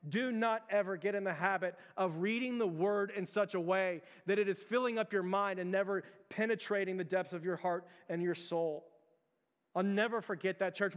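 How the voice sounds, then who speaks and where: A man's voice: sits high, fairly even intonation, normal speed. A man preaching a sermon as pastor, earnest, often restarting his words and calling out to the church. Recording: long hall reverb.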